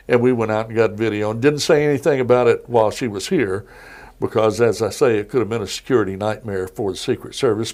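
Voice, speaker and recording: A man's voice: mid-range voice, darkish tone. Easygoing middle-aged anchorman telling stories. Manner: easygoing anecdotal storyteller. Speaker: TV news anchor, guest. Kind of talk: casual interview storytelling.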